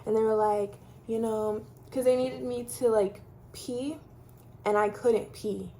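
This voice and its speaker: A woman's voice: fairly high pitch, steady tone, a little slow, dark tone. A woman from Texas telling her own story casually to camera, chatty, with many fillers like "like" and "um". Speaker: vlogger sharing her story.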